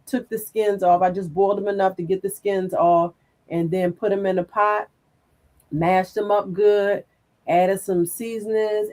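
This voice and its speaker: A woman chatting on a garden show, telling stories and teasingly encouraging her friend. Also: medium pitch. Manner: warmly encouraging, storytelling, teasing. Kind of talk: casual chat.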